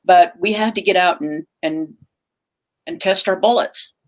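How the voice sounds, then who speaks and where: A woman's voice: fairly low pitch, measured pace, slight background noise, rough recording. An older woman from Utah who founded a bullet company, talking plainly and earnestly in an interview. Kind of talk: casual interview talk.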